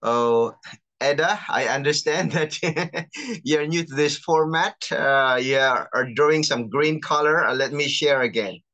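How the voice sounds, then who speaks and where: A chaplain teaching an online class, patiently explaining and reading out terms slowly over a video call. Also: medium pitch, fairly bright tone, highs cut off. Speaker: chaplain and lecturer.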